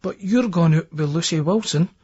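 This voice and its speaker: A man voicing a shy young Scottish girl in an audiobook, quiet and coy. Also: on the high side, normal speed, husky, highs cut off.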